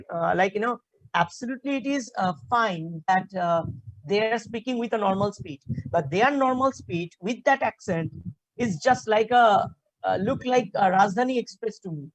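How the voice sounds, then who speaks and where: A woman from India with a Bengali-tinged Indian English accent, giving an online class as a communication skills trainer over a video call, talking haltingly with many fillers. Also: medium pitch, no room sound, low-quality recording.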